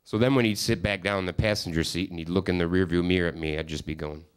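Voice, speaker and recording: A man's voice: low voice, steady tone, fast, clean tone. A man in his thirties from upstate New York, telling rambling, profane, self-deprecating stories in a stand-up comedy set.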